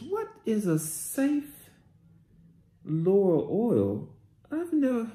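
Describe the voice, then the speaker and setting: A man casually reviewing a shopping haul, excitable and exclaiming as he reads out labels. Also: mid-range voice. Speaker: vlogger. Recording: echoey room with faint noise.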